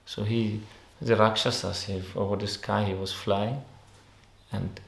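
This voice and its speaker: A man with a low, gravelly voice gives a devotional talk in an ashram hall, his words bouncing around an echoey room. He speaks English as a second language, in simple, repetitive phrasing, and chants Sanskrit verses. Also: flat delivery, unhurried. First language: not English. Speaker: spiritual teacher. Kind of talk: devotional discourse.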